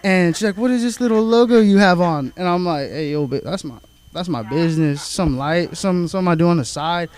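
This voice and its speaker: High-voiced 19-year-old comic, loose and profane. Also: male voice, a little fast, darkish tone. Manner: casual storytelling, heavy filler and profanity. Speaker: stand-up comedian. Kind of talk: open mic stand-up set. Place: comedy club stage. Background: audience laughter.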